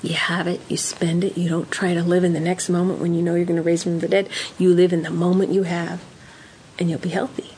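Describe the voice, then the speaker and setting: Her fairly low voice comes across flat and fast on a low-quality recording with some hiss or hum. She is a parenting counselor guest whose advice is warm, earnest and emphatic, illustrated with acted-out example conversations.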